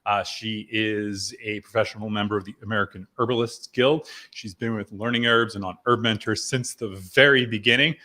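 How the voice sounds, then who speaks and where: A man's voice: fairly low pitch, steady tone, moderate pace, few pauses, bright, forceful tone. A middle-aged man from New Jersey hosting a live online members' chat, rambling and chatty with lots of fillers and laughs. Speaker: host.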